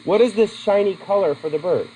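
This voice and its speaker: A man's voice: high-pitched, fairly quick, dark tone, slightly rough, poor audio. Chatty man teaching a class. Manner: chatty, asks the class questions. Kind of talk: classroom lesson.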